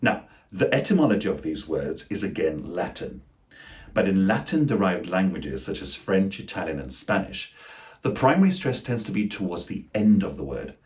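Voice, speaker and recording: Low-voiced man teaching pronunciation. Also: big pitch swings, a little mellow. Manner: slow, deliberate, over-articulated example words. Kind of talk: scripted pronunciation lesson.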